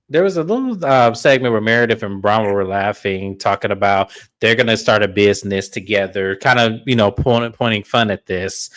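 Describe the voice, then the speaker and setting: A man hosting a casual reality-TV recap, telling the story bluntly and with plenty of swearing. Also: lowish voice. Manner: blunt, profane, animated storytelling. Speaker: podcast host.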